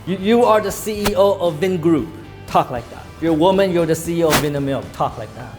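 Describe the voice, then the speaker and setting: A man's voice: a little high, animated, brisk, few pauses, a bit bright, soft background music. A man giving a sales training lecture to a live class, emphatic and acting out phone calls in a commanding tone.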